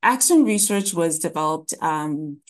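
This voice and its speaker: A woman presenting an academic lecture in a webinar, explaining ideas in a measured way with frequent ums and restarts. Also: low voice, animated, slight background noise.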